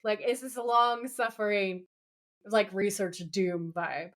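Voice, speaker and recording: A woman co-hosting a podcast, chatting casually as she retells scenes in a lively storytelling way. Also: medium pitch, takes it slowly. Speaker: podcast co-host. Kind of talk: casual episode recap chat.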